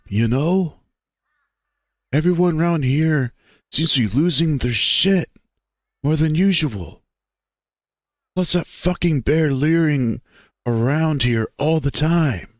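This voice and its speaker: A man's voice: fairly high pitch, dry recording, clean studio sound, voice pushed up. A man voicing a small, crude male bat who deals drugs and curses constantly, reading a visual novel aloud. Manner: crude, cursing, defensive.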